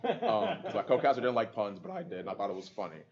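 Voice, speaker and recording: Man, rapid casual speech, filler-heavy, laughing storyteller, dull lo-fi sound. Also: lowish voice, sing-song. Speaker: esports caster and panelist. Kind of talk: casual panel chat. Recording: dull lo-fi audio.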